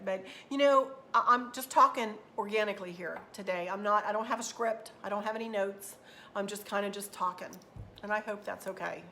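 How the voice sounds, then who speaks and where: A woman's voice: medium pitch, gravelly, sharp tone, slight background noise. A middle-aged woman, talking unscripted and casually to her viewers, rambling and repeating herself. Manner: rambling, repeats herself, southern turns of phrase. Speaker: craft channel host. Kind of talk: unscripted casual vlog talk.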